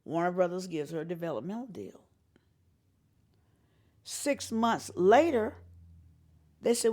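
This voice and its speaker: Woman, animated storyteller, acts out voices, lively pitch. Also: unhurried, pauses often. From North Carolina. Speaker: interviewee, singer and showcase organizer.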